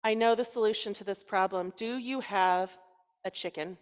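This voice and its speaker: A woman playing a calm, knowing rabbi who gives strange advice in a slow, matter-of-fact way. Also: mid-range voice, clear, resonant tone, lightly acted. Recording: long reverb in a large hall.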